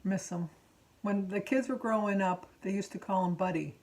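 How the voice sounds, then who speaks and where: A woman's voice: medium pitch, normal speed, darkish tone. Older woman rambling through family memories. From Michigan. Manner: rambling, self-correcting storyteller. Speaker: vlogger. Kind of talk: casual chat.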